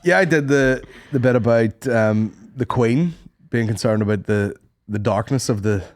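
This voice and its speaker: A man's voice: medium pitch, moderate pace. A Northern Irish man, a comedian co-hosting a podcast, teasing and bantering in casual chat.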